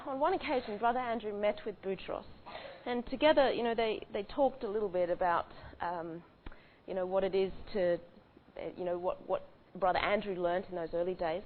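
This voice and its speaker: A woman retelling a true story in a conversational way, often restarting her sentences. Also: mid-range voice. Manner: conversational with frequent restarts and fillers. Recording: tinny phone-like audio with faint hiss.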